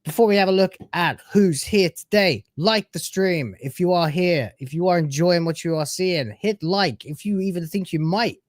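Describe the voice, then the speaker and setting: A man's voice: high voice, normal speed, hardly any pauses, no room sound, studio quality. A man hosting a live stream, chatting casually with brash, sarcastic, crude banter.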